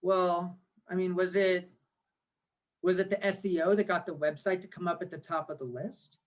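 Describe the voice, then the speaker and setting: Animated man in his forties explaining. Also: high voice, normal speed. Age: 40s. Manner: animated explaining with rhetorical questions. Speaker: guest, marketing agency owner. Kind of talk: podcast interview.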